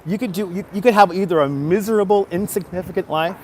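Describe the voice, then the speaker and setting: A fast-talking man with a high voice greets his viewers by name during a casual phone live stream from a city street, giving them an upbeat motivational push. A little hiss or hum can be heard.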